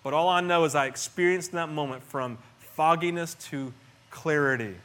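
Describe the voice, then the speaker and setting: A middle-aged man preaching a sermon in an earnest, conversational way, often restarting phrases and swinging between soft and loud. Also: on the high side, normal speed. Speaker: pastor.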